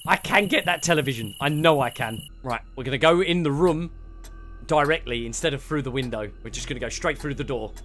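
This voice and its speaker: A young man giving excitable let's play commentary, muttering one moment and shouting or laughing the next. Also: mid-range voice, fairly quick, slight background noise. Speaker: gaming YouTuber.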